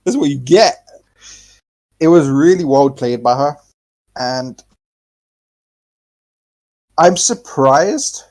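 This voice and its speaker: A podcast co-host chats in a loose, rambling way, full of false starts and restarts, with the odd swear word. His voice sits at an ordinary middle pitch, and he grows animated as the plain, unforced conversation goes on.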